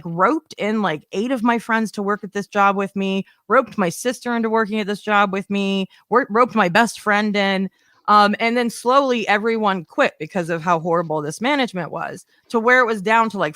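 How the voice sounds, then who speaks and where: This young woman, a stand-up comic, rambles animatedly through a story while impersonating the people she quotes. She speaks in a mid-range voice, captured at studio quality with no room sound.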